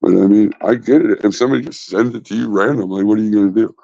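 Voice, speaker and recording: A man's voice: on the low side, quick pace, gravelly, mellow, no room sound. A man hosting a casual livestream from his phone, rambling and swearing bluntly. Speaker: livestream host. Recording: dull lo-fi phone audio.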